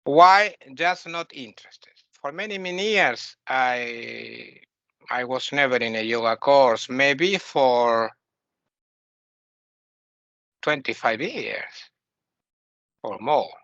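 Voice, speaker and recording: A man's voice: medium pitch, vocal fry, a bit bright, no echo, muffled recording. Blunt man lecturing. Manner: blunt, opinionated, repeats himself. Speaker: spiritual teacher. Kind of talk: spoken lecture.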